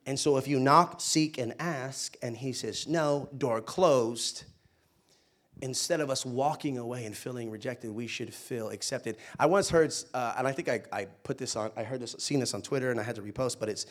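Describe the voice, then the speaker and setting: A young male pastor preaching in an easy, conversational way. He tells playful stories, rising loud and excited, then drops to a soft, hushed tone. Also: medium pitch, a little fast, hardly any pauses. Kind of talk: sermon.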